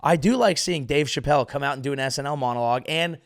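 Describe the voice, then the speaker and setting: A man from California delivering a rambling, sarcastic comedic monologue as host, veering from mumbled asides to loud outbursts. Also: mid-range voice, fast, vocal fry, no room sound, studio quality.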